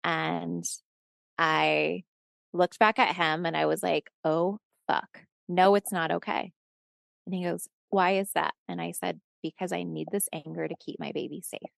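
A woman's voice: lowish voice, unhurried, vocal fry, dry recording, studio quality. A woman guest telling a personal story in casual conversation, acting out the dialogue, swearing and laughing as she goes. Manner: animated storyteller who acts out quoted dialogue. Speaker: podcast guest.

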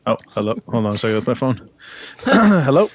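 A man's voice: medium pitch, very animated, brisk, no echo. A man in an improv comedy scene who talks in an agitated way, swears and repeats himself.

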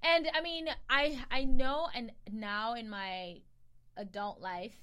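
A young woman from Cameroon with a softened Cameroonian accent, hosting a podcast and telling stories with animated energy. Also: on the high side, slow, clean tone. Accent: Cameroonian, softened toward American. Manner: animated storyteller, acts out quoted people. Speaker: podcast host. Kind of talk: casual conversational podcast chat.

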